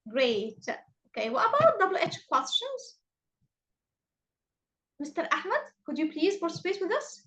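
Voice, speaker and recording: A woman's voice: extremely high pitch, wildly swooping pitch, measured pace, long pauses, sharp tone, low-quality recording. A woman teaching an online English class over a video call, acting out rising and falling intonation in her example sentences.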